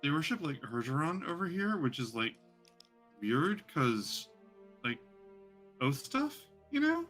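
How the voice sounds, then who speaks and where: A man's voice: a little high, very animated, unhurried, long pauses, a bit bright, faint music behind, voice pushed up. A man voicing a chatty young woman guide who rambles and is lovestruck. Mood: rambling. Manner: rambling, full of "like" fillers.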